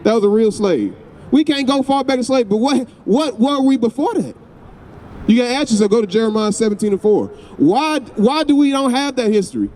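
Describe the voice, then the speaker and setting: A man's voice: extremely high pitch, animated, a little fast, darkish tone. A man with a Southern US accent preaching on a city street, asking pointed questions and repeating phrases for emphasis.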